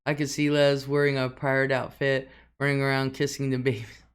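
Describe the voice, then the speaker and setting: A woman's voice: rumbling low, little pitch movement, fairly quick, clean tone. Chatty woman host. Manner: chatty, laughs often, drawls some words. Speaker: livestream host. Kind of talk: casual livestream chat reading comments.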